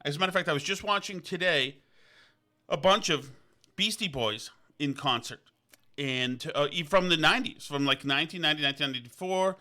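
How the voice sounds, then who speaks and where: A podcast host from Vermont delivers a casual, rambling monologue indoors on location, digressing often with fillers and restarts. His voice is on the high side, bright and forceful.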